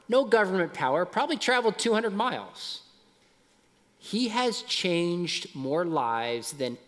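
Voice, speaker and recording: A middle-aged man giving a lively talk at a youth conference, dropping soft and low at emotional points. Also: in a large hall. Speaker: conference speaker. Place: large conference hall.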